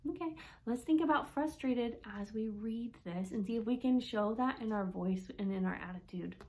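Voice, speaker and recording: A woman speech-language pathologist guides parents through a picture book in an animated, encouraging way. Her voice sits a little high, and she keeps asking questions. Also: moderate pace.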